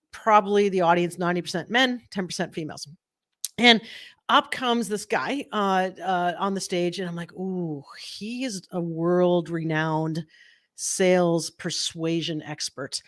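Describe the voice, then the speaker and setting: A middle-aged woman coach telling a story to her online group, chatty and animated, acting out the voices in it with many fillers. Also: lowish voice. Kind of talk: live-streamed storytelling to a group.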